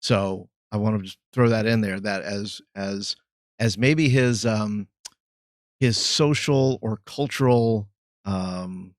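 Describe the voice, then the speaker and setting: A man who is a youth pastor, a guest on a podcast, reflecting thoughtfully and pausing to search for his words. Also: lowish voice, dry recording, clean studio sound. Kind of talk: reflective interview talk.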